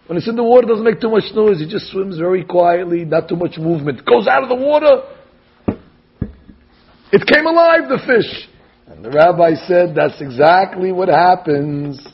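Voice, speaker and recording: A man giving an animated sermon as a rabbi, telling stories and acting out the quotes. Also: high-pitched, moderate pace, slightly rough, highs cut off. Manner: animated storytelling, acts out quotes.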